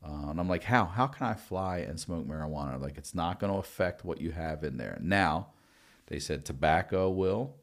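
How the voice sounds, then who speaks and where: A man with a low voice and moderate pace guests on a casual podcast, telling animated stories full of free cursing and acted-out quoted dialogue. He is recovering from blood clots in his lungs.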